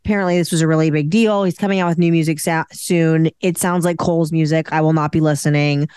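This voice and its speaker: A woman's voice: low-pitched, steady tone, quick pace, darkish tone, clear, resonant tone, dry recording, studio quality. A woman co-hosting a podcast, chatting casually and rambling with lots of fillers. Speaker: podcast co-host. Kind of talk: casual chat.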